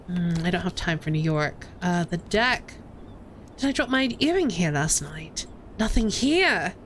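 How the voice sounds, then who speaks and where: Young woman streamer reading game text, bouncy pitch, slow pace. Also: big pitch swings, a little hiss or hum. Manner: chatty, reads game text aloud, chats with viewers. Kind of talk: casual game playthrough narration.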